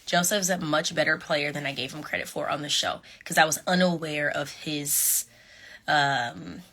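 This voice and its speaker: A young woman chatting casually with fans on a live stream, animated and sassy, talking straight to her viewers. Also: low-pitched, normal speed. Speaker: reality show contestant on a live stream. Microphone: phone.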